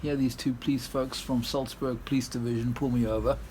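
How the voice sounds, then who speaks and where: A man's voice: mid-range voice, little pitch movement, brisk, a little mellow, a little hiss or hum. A South African-born man vlogging outdoors, chatting casually and laughing often as he tells a tired, rambling story. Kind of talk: casual vlog chat. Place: outdoors, garden and yard.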